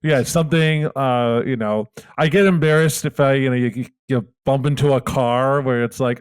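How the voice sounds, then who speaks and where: A man's voice: medium pitch, moderate pace, few pauses, clear, resonant tone. A man co-hosting a comedy podcast, rambling and joking, laughing often as he talks. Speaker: podcast co-host. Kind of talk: casual comedic banter.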